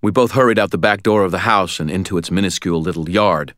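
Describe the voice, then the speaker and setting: A man narrating an audiobook in a wry, expressive storytelling manner. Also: sits low, quick pace, no room sound, clean studio sound.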